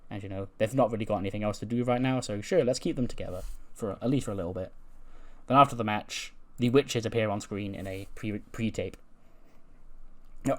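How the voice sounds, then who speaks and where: A man's voice: fairly low pitch, a little fast. A man casually narrating and commenting on a game, rambling and correcting himself as he goes. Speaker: gaming channel host.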